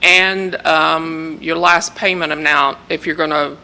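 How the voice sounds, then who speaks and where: A woman's voice: low voice, fairly even intonation, unhurried, pushed and bright, rough recording. A woman presenting a project timeline at a city meeting, hesitant and explanatory. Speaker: staff presenter.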